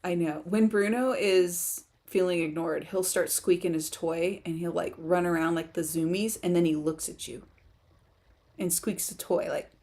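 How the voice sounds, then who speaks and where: A woman's voice: on the low side, steady tone, moderate pace, mellow. Chatty woman hosting a livestream. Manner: chatty, laughs often, reads viewer comments aloud. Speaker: livestream host for writers. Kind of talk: casual livestream chat. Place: home in the countryside.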